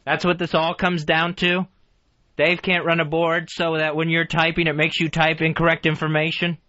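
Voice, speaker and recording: Man, talk radio co-host, emphatic and frustrated, bright tense tone. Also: on the high side, completely flat delivery, normal speed, muffled recording. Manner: exasperated, emphatic complaining. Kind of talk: casual talk radio banter.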